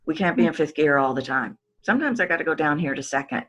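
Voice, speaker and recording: A woman vocal coach talking as a podcast guest, animated and emphatic, acting out the voices she describes. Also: sits low, fast talker, muffled recording. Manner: animated, acts out voices to demonstrate; emphatic, drops volume to make a point. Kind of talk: podcast interview.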